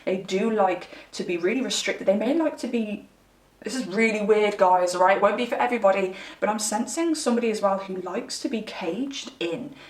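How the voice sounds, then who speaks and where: A woman's voice: mid-range voice, moderate pace, reverberant, far from the mic. A young woman chatting candidly to her viewers while giving a pick-a-card tarot reading. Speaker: tarot reader.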